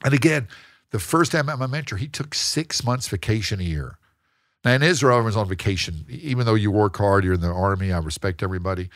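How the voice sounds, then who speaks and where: Guy on a podcast telling stories, low voice, dry close sound, acts out other people. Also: fast talker, dry recording. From United States. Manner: animated storyteller, acts out quoted people. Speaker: guest, real estate investor. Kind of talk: casual interview storytelling.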